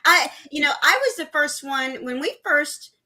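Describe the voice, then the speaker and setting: A woman with a bright, crisp voice chats casually at a tasting table. She rambles happily into anecdotes and keeps the talk moving. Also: sits high, expressive, normal speed. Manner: chatty storyteller. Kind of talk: casual chat.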